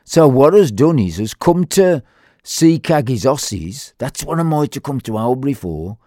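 At a measured pace, a man with a Black Country English accent tells a rambling comic tale, his warm, medium-pitched voice moving through big pitch swings. He's chatty, using lots of fillers and quoted voices, recorded in a clean studio without room sound.

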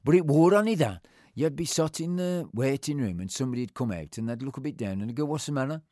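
A man's voice: mid-range voice, expressive, fairly quick, mellow, dry recording, studio quality. A middle-aged man, telling personal memories in a rambling, heartfelt way. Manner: rambling, heartfelt storytelling with frequent restarts. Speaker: interviewee. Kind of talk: personal reminiscence.

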